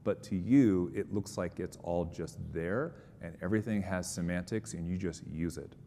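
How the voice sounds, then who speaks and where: A man's voice: normal speed, dark tone. A man presenting at a conference, answering audience questions in an upbeat, explanatory, conversational way. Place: conference hall. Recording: long hall reverb, faint rumble.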